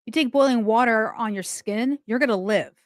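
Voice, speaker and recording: A woman's voice: fairly high pitch, moderate pace, dry recording, studio quality. A woman hosting a true crime commentary, talking it through in a casual, indignant way. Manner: indignant, conversational, talks things through aloud.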